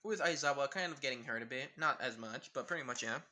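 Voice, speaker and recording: A man's voice: mid-range voice, quick pace, sharp tone. A man casually narrating a fan-made crossover story, rambling with many fillers.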